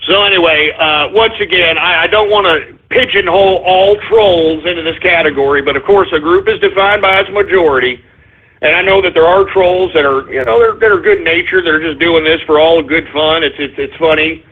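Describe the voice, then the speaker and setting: A man ranting on a call-in radio show, his higher-pitched, husky voice squashed into a thin phone-line band. He talks emphatically and circles back to the same point again and again. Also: moderate pace. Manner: ranting, emphatic, repeats "all right?".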